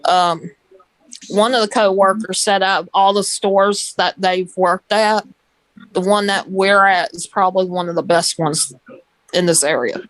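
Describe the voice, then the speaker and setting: A woman's voice: medium pitch, steady tone, measured pace, no echo, poor audio. A woman chatting casually off to the side of a livestream, hesitant and full of fillers. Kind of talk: casual chat.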